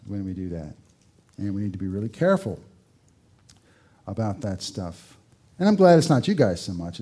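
Mellow-voiced male pastor preaching. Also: on the low side. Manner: conversational, rhetorical questions, dry humor. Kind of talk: sermon.

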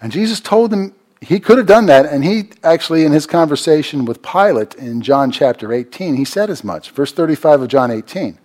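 A man preaching a sermon, repeating phrases for emphasis and swinging from loud, raised lines to quiet, low asides. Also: lively intonation, normal speed, few pauses. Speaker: pastor.

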